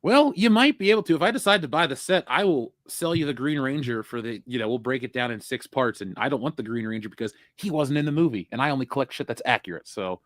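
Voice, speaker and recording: A man's voice: mid-range voice, expressive, fast talker, hardly any pauses, fairly bright tone, dry recording, clean studio sound. A man co-hosting a casual pop culture chat, joking around and riffing on terrible puns. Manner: jokey, riffs on bad puns. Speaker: podcast co-host.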